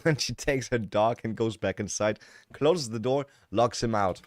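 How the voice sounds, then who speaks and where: Hosting a livestream, a man retells a video in his own words, casual and blunt, with occasional swearing and laughter. He speaks at medium pitch and a measured pace; the recording is clean studio audio without room sound.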